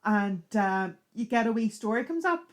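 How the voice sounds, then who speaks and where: A woman's voice: a little high, animated, moderate pace. A woman in her fifties chatting casually as a podcast co-host. She speaks in a dry, matter-of-fact way and turns playfully dramatic now and then. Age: 50s. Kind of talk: casual chat.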